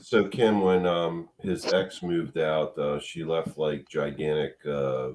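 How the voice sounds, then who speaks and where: A man with a Western Maryland accent, chatting casually and teasing, often pausing to find his words. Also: very deep voice, fairly even intonation, a little mellow, slight background noise. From Western Maryland, USA. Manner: teasing, halting. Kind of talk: casual chat.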